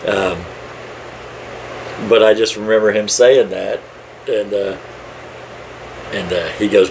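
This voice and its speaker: A middle-aged man with a fairly low voice, talking in a loose, rambling way on a casual podcast. He gets more lively when he acts out what other people said. A faint air-conditioning hum sits behind him. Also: slow pace, vocal fry, long pauses, low-quality recording. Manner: rambling storyteller, animated when quoting people. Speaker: podcast co-host. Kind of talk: casual chat.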